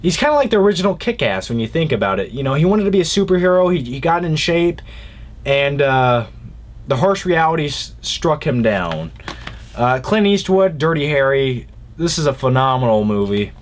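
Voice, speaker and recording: A man's voice: on the high side, sing-song, moderate pace, a little hiss or hum. A young man casually reviewing movies in a rambling way, with jokey asides.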